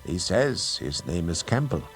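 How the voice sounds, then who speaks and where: A man's voice: sits low, sing-song, unhurried, music in the background, heavily acted. A man reading an audiobook, voicing a stiff guard giving a clipped, dutiful report. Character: stiff male guard reporting to his master.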